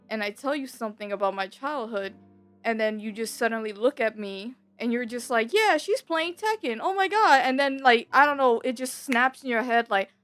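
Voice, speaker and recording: A young woman gaming YouTuber talking candidly at home in a rambling, confiding way, full of fillers and restarts. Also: on the high side. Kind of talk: candid personal vlog talk.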